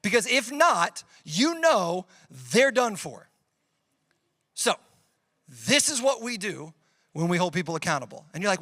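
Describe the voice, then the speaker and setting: A youth pastor with a high, bright, forceful voice preaches to students in a relaxed, conversational way. He leans on storytelling examples to make his points. The recording is dry and close, with no room sound. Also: a little slow, long pauses, no echo. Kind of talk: youth sermon.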